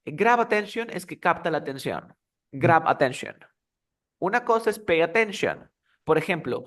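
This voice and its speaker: Bilingual male English teacher, higher voice. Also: lively intonation, moderate pace, fairly bright tone. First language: Spanish. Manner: explains phrases, switching between English and Spanish, acts out example dialogues. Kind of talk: online English lesson.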